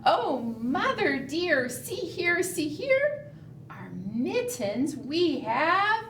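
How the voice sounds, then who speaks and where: A woman voicing a group of small kittens who plead in a high, mewing, plaintive voice. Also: sing-song, very slow, fairly bright tone, echoey room, a little hiss or hum, exaggerated voice.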